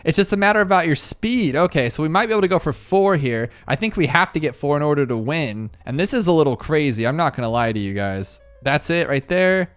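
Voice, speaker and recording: Man, gaming commentator, excitable and chatty with viewers; clear, smooth, slightly high voice. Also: fairly quick, few pauses. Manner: excitable, talks to viewers while playing. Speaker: gaming YouTuber. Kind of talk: video game commentary.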